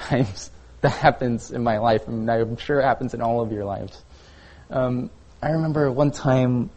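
A man's voice: medium pitch, a little mellow. A young man preaching a casual sermon to a youth group, telling personal stories in a conversational way full of filler words. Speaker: youth pastor.

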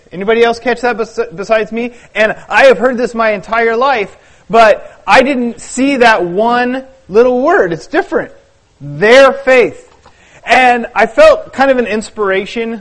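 A man gives a sermon in an earnest, conversational way, and his prayer is hushed and soft. His voice sits high. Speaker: pastor. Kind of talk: sermon with prayer and story reading.

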